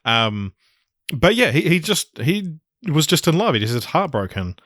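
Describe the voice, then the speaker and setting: A man's voice: fairly high pitch, sing-song, normal speed, fairly bright tone, dry recording, clean studio sound. A man co-hosting a casual film podcast, talking with rambling enthusiasm and swearing freely. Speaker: podcast co-host.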